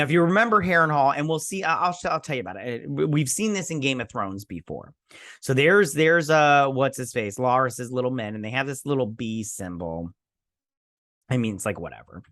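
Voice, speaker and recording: Host, male, mid-pitched, dry close sound; rambling casual recap, swears freely. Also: fairly bright tone, no echo. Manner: rambling, many restarts and "he's like" paraphrases; loose and profane.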